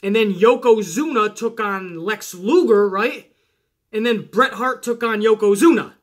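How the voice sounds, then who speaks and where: A man hosting a casual wrestling podcast, animated and chatty, swearing and talking straight to his listeners. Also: sits high, unhurried. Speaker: podcast host.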